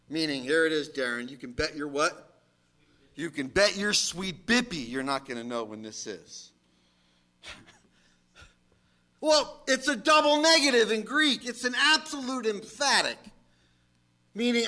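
A middle-aged male pastor preaching an emphatic sermon, at times rising to shouted exhortations. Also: high voice, a little slow.

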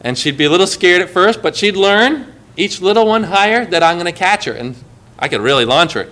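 A middle-aged man, a pastor, preaching a sermon, moving between emphatic rises and quiet, hushed asides. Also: high-pitched, animated, brisk.

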